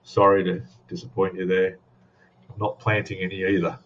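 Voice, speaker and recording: A man with an easygoing Australian accent and a lowish voice, chatting and greeting viewers as he hosts a live stream from home. His speech wanders from one thought to the next. The sound comes through a dull, lo-fi webcam microphone. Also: flat delivery, normal speed, slight background noise. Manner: rambling, friendly greetings to chat viewers. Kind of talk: casual live stream chat.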